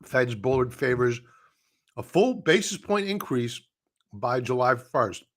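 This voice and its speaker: A man's voice: mid-range voice, lively intonation, unhurried. Blunt man hosting a live trading stream. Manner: blunt, scoffing, repeats points for emphasis. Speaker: livestream stock trading host. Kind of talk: casual live market commentary.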